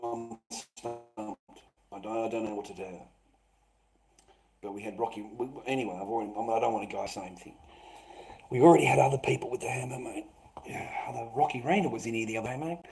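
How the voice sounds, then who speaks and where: A man's voice: medium pitch, a little fast, vocal fry, darkish tone, faint music behind, low-quality recording. A middle-aged man rambling through a livestream monologue, swearing often and restarting his sentences. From Australia. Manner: swearing, repetitive, stammering restarts.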